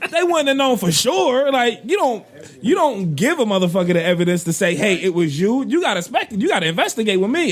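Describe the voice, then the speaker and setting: Man, podcast co-host, profane casual rant, high voice, very lively pitch. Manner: profane, animated, ranting with laughs.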